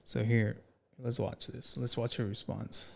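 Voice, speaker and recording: A man hosting a casual reaction commentary, animated and talking straight to his chat. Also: medium pitch, unhurried, vocal fry. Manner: animated, talks to chat, says "bro" often. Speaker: commentary channel host.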